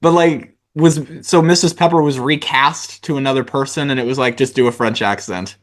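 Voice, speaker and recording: A man's voice: medium pitch, fairly even intonation, normal speed. Male podcast host, mid-range voice, easygoing and hesitant. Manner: hesitant, many fillers and restarts. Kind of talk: casual interview chat.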